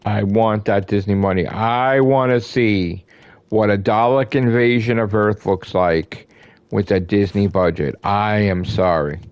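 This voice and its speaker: A man's voice: lowish voice, steady tone, a little slow, a little mellow, dry recording. A man hosting his own channel, delivering an emphatic, profane fan rant and repeating himself for emphasis. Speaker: gaming channel host. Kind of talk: excited fan rant to camera.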